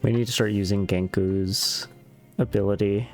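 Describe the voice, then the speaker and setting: Wry muttering game streamer, music behind. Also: male voice, fairly low pitch, fairly even intonation, moderate pace, darkish tone. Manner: wry, muttering asides at opponents. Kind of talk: live-stream card game commentary. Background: music playing.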